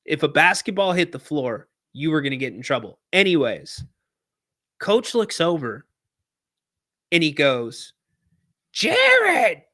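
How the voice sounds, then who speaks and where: A man hosting a podcast, telling a casual story in an animated way and acting out shouted quotes. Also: fairly high pitch, a little slow, long pauses. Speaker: podcast host.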